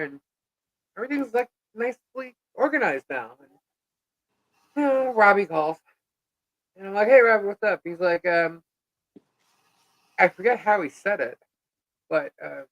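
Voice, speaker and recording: Chatty, animated woman telling a story. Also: fairly low pitch, a little slow, pauses often, no room sound, rough recording. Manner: animated, chatty, acts out quoted dialogue. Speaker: podcast co-host. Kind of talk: live casual chat, storytelling.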